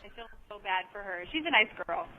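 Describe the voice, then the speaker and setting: A woman's voice: medium pitch, lively intonation, a little fast, narrow, tinny audio. A woman in her thirties chatting on a video call, gushing and full of filler words. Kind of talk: casual chat over a video call.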